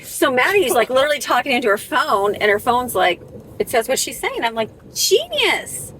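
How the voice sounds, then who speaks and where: A woman vlogging about her family in a casual chat, chatty and quick to laugh. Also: a little high, lively intonation, fairly bright tone, a little hiss or hum, rough recording. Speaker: vlogger, homeschooling mom. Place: home, then a car. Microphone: camera set on the dashboard.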